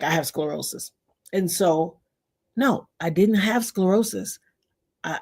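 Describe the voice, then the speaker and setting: A middle-aged woman from New York hosting a casual livestream, telling personal stories in an animated way, acting out quotes and thanking her chat. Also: sits low, a little fast, breathy edge. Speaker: livestream host.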